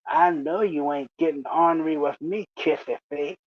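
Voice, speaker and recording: A mocking, sing-song old prankster , as a man puts him on while telling a story, teasing without let-up. His voice sits high and comes through dull and dry. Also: steady tone, normal speed, no room sound, close to an everyday voice. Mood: mock-stern. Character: oldest male coworker, relentless teasing prankster.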